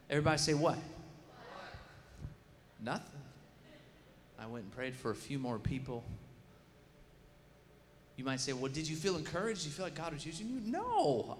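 A man preaching a sermon as a story, animated, dropping to quiet asides and rising to loud shouted prayer. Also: fairly high pitch, a little hiss or hum. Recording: long hall reverb, faint ambience.

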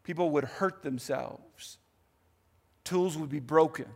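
A male pastor preaching a sermon in a church, telling the story in an animated, conversational way with asides. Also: fairly high pitch, slow pace. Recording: long hall reverb.

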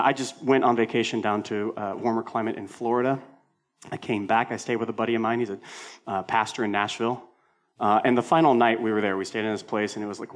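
With a lowish voice, a senior pastor, male, gives a lively sermon that feels like conversation, stressing ideas through repetition and sprinkling in self-deprecating jokes.

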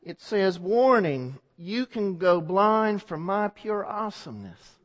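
A man voicing a cocky rescued canoeist who brags about himself, in a high voice with long hall reverb. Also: very animated, takes it slowly, muffled recording, full character voice. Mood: smug. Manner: smug, bragging, self-congratulating.

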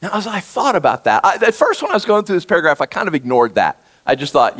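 A man preaching a conversational sermon, reading scripture aloud and talking directly to his congregation in an animated way. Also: sits high, fast, few pauses. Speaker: pastor.

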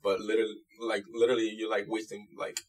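Fast-talking husky young man. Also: lowish voice. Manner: fast, animated storyteller, slangy. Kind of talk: casual chat.

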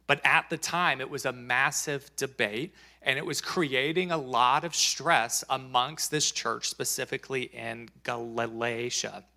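A man's voice: medium pitch, a little slow, gravelly, hardly any pauses, sharp tone. A man preaching a sermon as pastor, talking in a conversational, joking way and reading scripture aloud.

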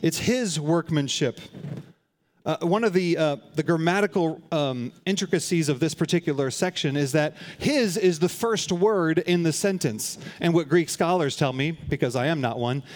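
A man's voice: a little high, moderate pace. Earnest, conversational male preacher. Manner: conversational and earnest, with frequent restarts and humorous asides. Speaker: pastor. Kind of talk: sermon.

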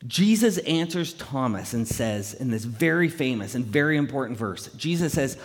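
A male pastor preaching a conversational, animated sermon, often acting out quotes in playful voices. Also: medium pitch, normal speed, hardly any pauses. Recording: long hall reverb.

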